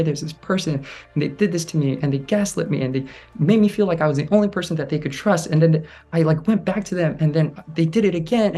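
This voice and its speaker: Fast-talking young man telling his story. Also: a little high. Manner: animated, acts out quoted voices with fillers. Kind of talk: personal storytelling to camera.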